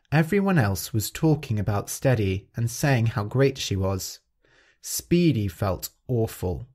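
Guy reading a kids story real slow, lots of ups and downs in his voice. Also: fairly low pitch. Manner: clear, expressive, carefully paced. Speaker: podcast host and storyteller. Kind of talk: slow storytelling for English learners.

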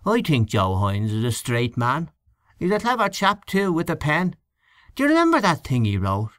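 A man voicing a moody, mild-mannered canvasser in a storybook reading, dubious and unhurried. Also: a little high, wildly swooping pitch, fairly bright tone, dry recording, pitched above the performer's own voice.

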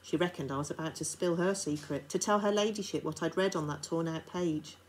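A teacher reading a children's novel aloud to her class, her voice low for a woman. The narration is steady and expressive. A faint background hiss runs under it. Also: brisk, poor audio.

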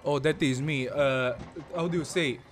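A man's voice: medium pitch, steady tone, normal speed, a little hiss or hum. A man doing comedic let's-play commentary, mixing broken English with his own language, swearing and muttering nervously as he plays. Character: fearless-boasting Balkan village man persona. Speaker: gaming channel host.

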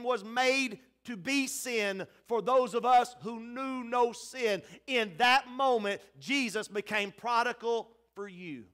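A man pastor preaching a sermon in a church, swinging from hushed passages to shouted scripture readings. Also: high-pitched. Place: church sanctuary.

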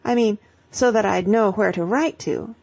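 A devoted young gentleman from a storybook, as a woman narrator puts him on, speaking in slow, halting, meditative phrases. The voice stays husky and a touch gravelly. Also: medium pitch, highs cut off. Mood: earnest.

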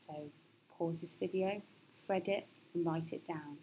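A woman teaching a recorded phonics lesson to young children, spelling out sounds slowly and patiently encouraging them. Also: lowish voice, fairly even intonation, dark tone, slight background noise.

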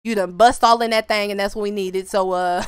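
A woman giving casual, joking gameplay commentary, animated and laughing often. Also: mid-range voice, fairly quick, clean tone, dry recording. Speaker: gaming YouTuber.

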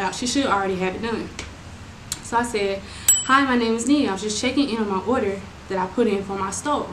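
A young adult woman telling a storytime to viewers, animated and exasperated, talking in slangy, casual speech. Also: fairly high pitch. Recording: roomy with steady background noise.

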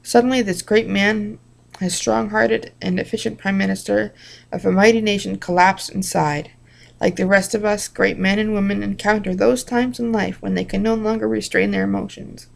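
A woman reading a Bible devotional book aloud at an unhurried pace, breaking off now and then for brief personal asides. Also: medium pitch, steady tone, vocal fry.

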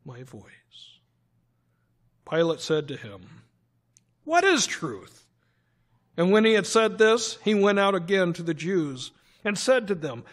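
A male pastor reads scripture from the pulpit at a deliberate, unhurried pace. His voice sits high for a man, and he lifts and presses the quoted cries for dramatic effect. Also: fairly bright tone. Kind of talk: sermon scripture reading.

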